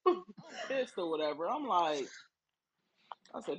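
A woman's voice: on the low side, a little slow, long pauses, lo-fi sound, slight background noise. A woman podcast host in casual chat, telling a story with lots of swearing and acting out what people said. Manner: animated, profane, acts out quoted voices.

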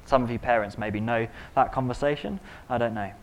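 A man preaching a sermon in an animated, conversational way, acting out quotes. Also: mid-range voice, a little fast, slight background noise. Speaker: pastor.

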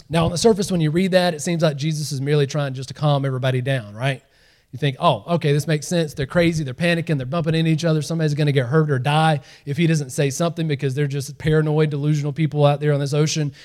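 A man preaching a sermon, telling the story in an animated way, acting out the scenes and laughing along. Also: medium pitch. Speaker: pastor.

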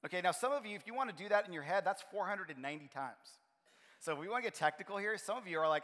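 A man's voice: high-pitched, lively intonation, fast talker, sharp tone. Man preaching in an echoing hall. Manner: conversational, repeats and restarts phrases. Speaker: pastor. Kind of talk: sermon. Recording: reverberant hall.

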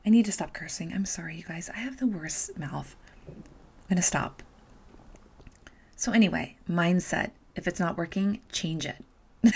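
Breathy woman giving blunt pep talk. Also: fairly low pitch, steady tone, normal speed, darkish tone. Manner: blunt, swears freely, emphatic repetition. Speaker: podcast host and life coach. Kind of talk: solo motivational podcast talk.

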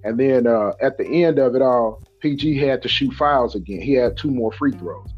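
Guy telling a story, husky voice, kinda muffled audio with faint music. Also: mid-range voice, normal speed. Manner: animated, acts out other people's lines in a raised voice. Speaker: podcast host. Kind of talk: casual storytelling.

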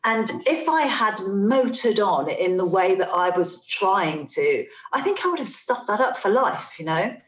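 An earnest woman in her forties tells a personal story as a parent, circling back through restarts and repeating herself for weight. Her pitch sits in an ordinary middle range. The recording carries a noticeable echo from the room. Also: very animated. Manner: earnest, halting, with many restarts and repeated phrases. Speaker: parent guest telling a story. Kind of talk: casual conversation, personal storytelling. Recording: roomy, echoey room sound.

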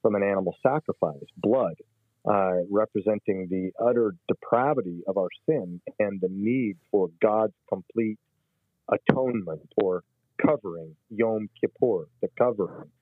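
Fairly low-voiced man teaching over a tinny phone line, dry sound. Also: measured pace, dry recording. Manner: teaching, emphatic explanations. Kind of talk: religious discussion.

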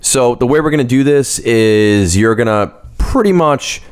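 A man co-hosting a casual podcast, talking in a relaxed, rambling way with lots of fillers. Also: medium pitch, measured pace, clean tone. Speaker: podcast co-host.

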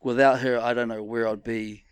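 A middle-aged man, co-hosting a casual podcast, swearing freely as he tells loud, animated stories. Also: mid-range voice, moderate pace, smooth, dry recording. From New Zealand. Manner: crude, swears a lot, loud animated storytelling. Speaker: podcast co-host. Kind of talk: casual chat. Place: home room.

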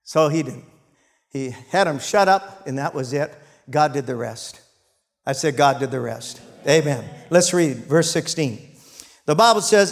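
A man preaching a sermon, retelling scripture and calling out for amens from the congregation. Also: on the high side. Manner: animated preaching, calls for amens and shouts. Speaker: pastor.

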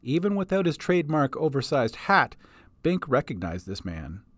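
A man narrating his homemade audio story, lively and scripted. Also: medium pitch, moderate pace, no room sound. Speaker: podcast storyteller. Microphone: home recording setup.

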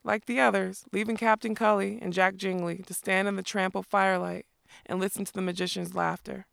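Woman narrator, measured storytelling, gravelly voice, dry sound. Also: mid-range voice, flat delivery, fairly bright tone, dry recording. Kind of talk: audiobook narration.

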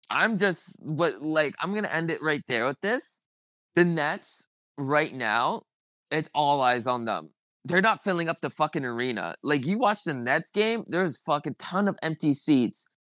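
A man's voice: fairly high pitch, a bit bright, no echo. A man hosting a podcast, ranting about basketball in a heated, profane, rambling way. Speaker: podcast host. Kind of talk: casual sports chat.

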